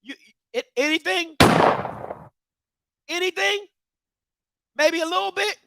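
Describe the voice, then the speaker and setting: High-voiced man ranting emphatically. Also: slow pace, creaky, bright, forceful tone, dry recording, clean studio sound. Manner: emphatic, repeating rhetorical questions to viewers; preacher-like call-and-response cadence. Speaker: commentary show host. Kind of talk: heated commentary rant.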